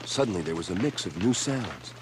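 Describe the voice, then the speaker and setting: A man reading a children's storybook aloud in an expressive, unhurried way. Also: deep voice, background noise. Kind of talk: read-aloud storybook narration. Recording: background music.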